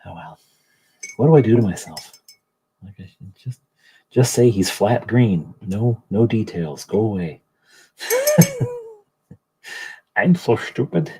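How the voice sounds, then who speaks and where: A middle-aged man talks casually on a livestream, rambling and joking at his own expense. His voice is deep and a little husky. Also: huge pitch swings, takes it slowly, long pauses, mellow, poor audio. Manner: rambling, self-deprecating, joking. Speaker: livestream host. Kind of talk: casual chat while painting miniatures.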